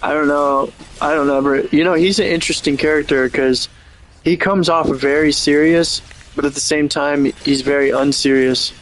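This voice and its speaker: A man's voice: on the high side, steady tone, normal speed, fairly bright tone, a little hiss or hum. Rambling, joking male streamer. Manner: rambling, joking, swears freely. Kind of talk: casual livestream chat.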